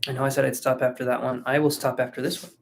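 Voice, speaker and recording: A man's voice: mid-range voice, flat delivery, racing, creaky. A man giving a live-streamed tarot reading, chatting casually and thinking aloud with fillers, sleepy and yawning. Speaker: tarot reader.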